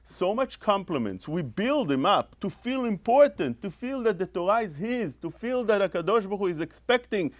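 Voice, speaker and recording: Rabbi guy preaching, high voice that jumps all over. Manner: animated preaching, mimics scolding parents, quotes Hebrew rapidly. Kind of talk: sermon.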